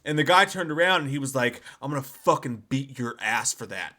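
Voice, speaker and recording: A man co-hosting a casual live stream, telling profane, animated stories and acting out the people in them. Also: mid-range voice, fairly quick. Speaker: podcast co-host.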